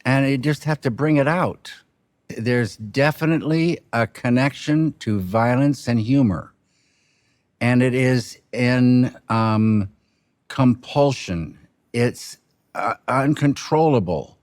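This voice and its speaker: A film director speaking reflectively in an interview, halting and soft-spoken, with frequent restarts and trailing pauses. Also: male voice, mid-range voice, no room sound, clean studio sound.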